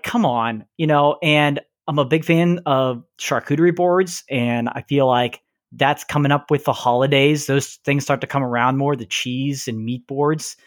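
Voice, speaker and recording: Rambling, animated male podcast co-host. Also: mid-range voice, no echo, studio quality. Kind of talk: casual chat.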